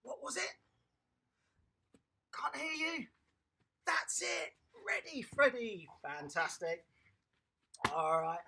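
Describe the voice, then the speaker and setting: A toddler tennis coach leading a lively online lesson for small children, upbeat and encouraging, praising each child by name. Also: mid-range voice, slow pace, gravelly, pauses often, slight background noise.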